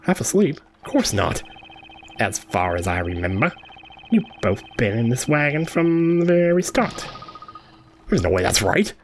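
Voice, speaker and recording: An actress voicing an earnest, excitable young boy apprentice in a video game. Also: very deep voice, measured pace, slight background noise, heavily acted. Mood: eager.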